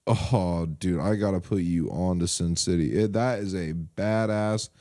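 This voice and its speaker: Low mellow-voiced young man rambling. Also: unhurried, dry recording, clean studio sound. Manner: swearing, rambling storyteller. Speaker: podcast co-host. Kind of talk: casual chat.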